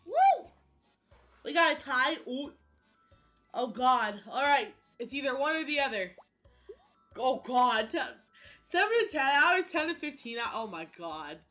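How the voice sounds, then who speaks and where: Young woman streamer yelling at a fruit game, high voice, slow drawn-out talk, faint music behind. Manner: excitable, loud outbursts, swears a lot, sound-effect chanting. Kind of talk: casual gameplay commentary to chat.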